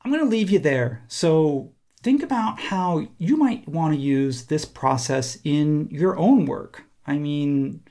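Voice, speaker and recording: Gravelly man talking through a tutorial. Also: on the high side, takes it slowly, few pauses. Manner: relaxed, thinking aloud while working. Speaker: instructor. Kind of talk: screen-recorded software tutorial.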